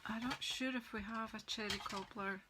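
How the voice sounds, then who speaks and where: A very noisy recording captures a woman with a voice on the high side and fairly even intonation, talking at normal speed. She chats casually during a live-streamed card-making demo, greeting viewers by name as she works.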